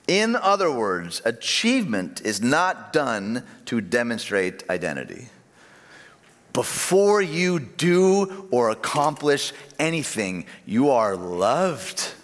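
A man preaching a sermon, animated, dropping low and soft on key phrases. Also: a little slow. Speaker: pastor. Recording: long reverb of a large hall.

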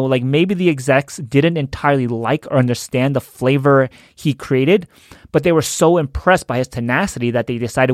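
A man's voice: mid-range voice, expressive, moderate pace, no echo, studio quality. A man in a conversational storytelling talk who chuckles as he goes. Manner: conversational, chuckles while telling.

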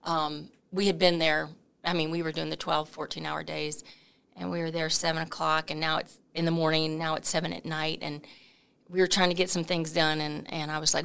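Middle-aged woman, interview guest; bright, slightly gravelly, lower-pitched, lively chatty storytelling. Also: fairly quick. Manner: animated, laughing storyteller with many fillers. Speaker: coffee company founder, interview guest.

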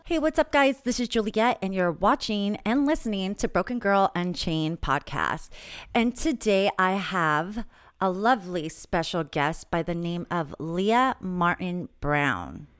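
A woman's voice: fairly low pitch, expressive, measured pace, smooth. A woman hosting a podcast in casual chat, bubbly and giggly, often restarting her sentences. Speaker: podcast host.

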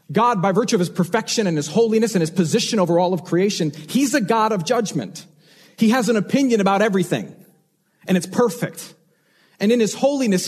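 A male pastor preaches in an earnest, emphatic way, leaning on repeated phrases. His voice sits fairly high for a man and has a husky, slightly breathy edge. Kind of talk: sermon.

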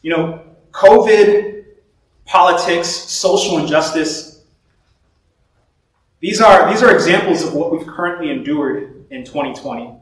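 A young man giving a sermon in a relaxed, conversational way, telling stories and often restarting his sentences. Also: fairly high pitch, measured pace, long pauses. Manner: conversational storytelling with repeated restarts. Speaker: preacher. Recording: very echoey room, voice from far off.

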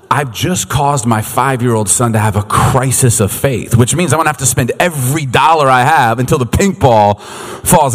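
Lively, laughing youth pastor in echoey hall. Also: male voice, medium pitch. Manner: animated storyteller, laughing often. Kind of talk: sermon. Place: church hall.

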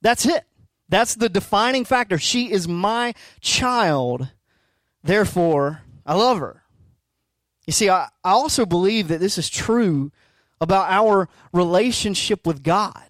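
A man in his thirties preaching a casual sermon as pastor, talking in halting restarts with joking asides. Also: high-pitched, animated, a bit bright, dry recording. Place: darkened church auditorium.

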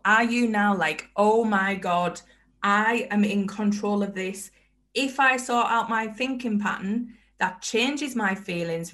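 A woman's voice: mid-range voice, fairly bright tone. A woman hosts a motivational self-help talk. She speaks emphatically and keeps circling back to her key phrases. She slips into the doubting inner voices of her listeners to make a point. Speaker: podcast host.

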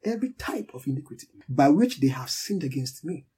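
A man's voice: fairly high pitch, sing-song, a little fast, warm tone, husky, poor audio. A man preaching a sermon, teaching with emphatic repetition and call-and-response with his listeners.

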